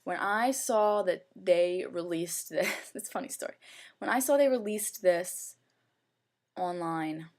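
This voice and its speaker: A young beauty vlogger casually reviews her makeup in a fairly low, unhurried voice. She's gushing and chatty, using "like" a lot.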